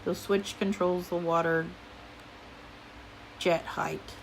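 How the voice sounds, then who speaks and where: A middle-aged woman, chatting casually through a haul video at home, rambling and goofy, sometimes talking quietly. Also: fairly low pitch, little pitch movement, slow, slight background noise. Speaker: vlogger. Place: home room, indoors.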